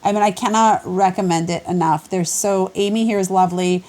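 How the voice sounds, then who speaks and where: A woman's voice: mid-range voice, fairly even intonation, brisk, a little mellow. A woman hiker chatting casually for her vlog from a lodging room, rambling and laughing easily. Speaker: vlogger hiker. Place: indoor lodging room by a creek.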